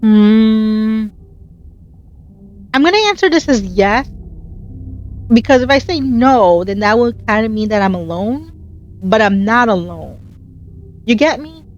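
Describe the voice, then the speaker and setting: A woman's voice: a little high, animated, takes it slowly, long pauses, highs cut off, slight background noise. A woman hosting her gaming channel, chatting earnestly and encouragingly as she plays, telling stories with animation. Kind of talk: casual gameplay commentary.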